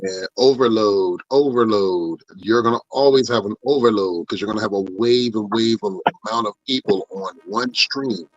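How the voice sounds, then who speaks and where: A man's voice: on the low side, moderate pace, few pauses, no echo. A man on a live-stream call, talking emphatically and repeating his points in casual chat, heard through dull lo-fi audio. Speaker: guest.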